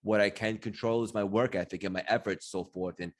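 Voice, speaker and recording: A man's voice: fairly low pitch, steady tone, fairly quick. A man hosting a podcast interview, talking in an effusive, admiring way. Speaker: podcast host.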